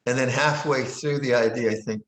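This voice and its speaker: A man teaching as a monastic during a question-and-answer session on meditation. He talks gently and playfully and acts out moods with sudden high exclamations. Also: steady tone, brisk. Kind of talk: Dharma Q&A teaching. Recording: roomy echo.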